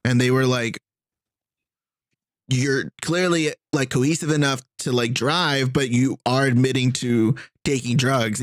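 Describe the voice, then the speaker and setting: A man co-hosting a podcast, telling a story in a relaxed, rambling way with lots of filler words. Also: mid-range voice, dry recording, clean studio sound. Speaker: podcast co-host. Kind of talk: casual chat.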